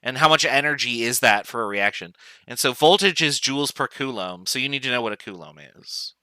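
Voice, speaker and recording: Bright, crisp-voiced male chemistry professor. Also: mid-range voice, brisk, dry recording, rough recording. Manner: relaxed, informal explaining with asides. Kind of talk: casual online lecture.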